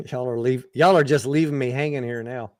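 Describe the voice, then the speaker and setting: A man hosts a casual live stream and reads chat aloud between jokes. His manner is laid-back and friendly, at a middle pitch. The sound is close and dry. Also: moderate pace, a little mellow, no echo.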